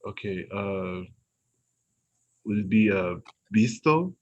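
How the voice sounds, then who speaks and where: A man's voice: lowish voice, animated, slow pace, highs cut off. A male student answering in class, hesitant and full of fillers.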